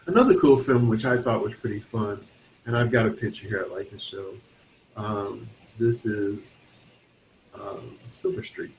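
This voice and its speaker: A man's voice: fairly low pitch, measured pace, darkish tone, a little hiss or hum, poor audio. A man co-hosting a casual film chat show, telling stories animatedly and acting out scenes in different voices.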